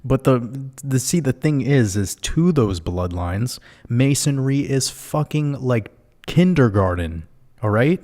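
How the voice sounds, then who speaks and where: A man with a medium-pitched, warm voice speaks slowly but animatedly while hosting a casual livestream. He reads out viewer comments in a loose, profane manner and laughs often.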